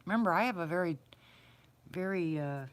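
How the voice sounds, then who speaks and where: A middle-aged woman with a low, deep-set voice hosts a casual livestream. She is chatty and addresses her viewers by name in an easygoing tone. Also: animated, a little fast. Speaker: livestream host. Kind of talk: casual live chat with viewers.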